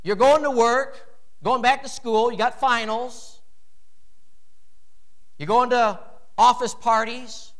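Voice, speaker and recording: A man preaching a sermon in a church, animated, with wide swings in pitch and loudness. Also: slow, pauses often. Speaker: pastor.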